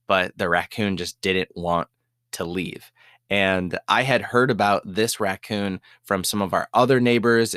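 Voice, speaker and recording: Deep-voiced man telling a story. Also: dry recording, clean studio sound. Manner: animated storyteller, acts out quoted lines in a higher voice. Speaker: podcast host. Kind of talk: casual storytelling.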